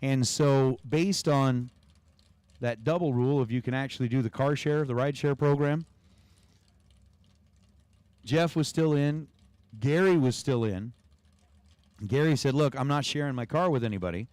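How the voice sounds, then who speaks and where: This drag race announcer has a mid-range, slightly mellow voice as he calls out numbers on a livestream and talks with the chat between runs. There is no room sound.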